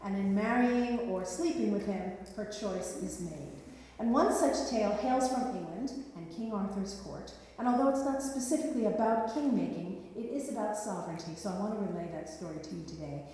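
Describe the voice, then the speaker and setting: A woman storyteller relating an old legend in a reflective way, dropping gently wry asides. Her voice sounds distant from the mic and washes around a long, reverberant hall. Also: mid-range voice, moderate pace. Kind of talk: telling a myth. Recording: echoey hall, mic far off.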